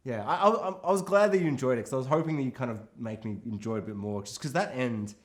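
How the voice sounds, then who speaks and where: A podcast co-host chats casually about a film in a mid-range voice, talking fast. He's animated, swears freely, and puts on voices for the characters when quoting them.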